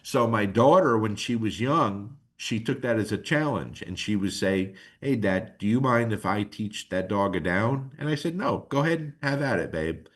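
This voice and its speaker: Man, middle-aged, somewhat low voice, podcast guest, emotional, animated, casual talk. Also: normal speed, few pauses. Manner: casual, slangy. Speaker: guest dog trainer. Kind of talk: podcast conversation.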